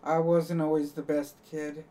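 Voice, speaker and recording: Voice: mid-range voice, little pitch movement, measured pace, warm tone, recorded from a distance. A live streamer chatting casually to viewers, rambling and joking, laughing at their own jokes.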